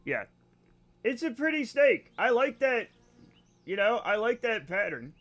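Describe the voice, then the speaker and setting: A man's voice: extremely high pitch, big pitch swings, a little slow, long pauses, a bit bright. A man livestreaming a game and telling rambling stories in a casual chat, often laughing and correcting himself. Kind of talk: casual storytelling while gaming.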